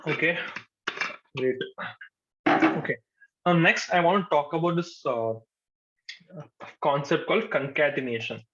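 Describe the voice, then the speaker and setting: Guy teaching coding live, slightly high voice, keeps saying okay, dull recording. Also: measured pace, pauses often, fairly bright tone. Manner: patient, repeats points, says "okay" often. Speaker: programming instructor. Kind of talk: live coding lecture to a class. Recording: dull lo-fi sound.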